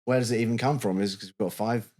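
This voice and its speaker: A man's voice: mid-range voice, steady tone, very fast, darkish tone. A man co-hosting a podcast, talking casually and enthusiastically, often restarting and repeating words. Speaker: podcast co-host. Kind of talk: casual chat.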